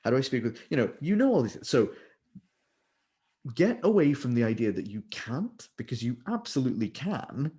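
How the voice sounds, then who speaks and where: A man, a vocal leader, talking in an animated, explanatory way and now and then demonstrating with sung syllables. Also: mid-range voice, moderate pace. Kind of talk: conversational interview.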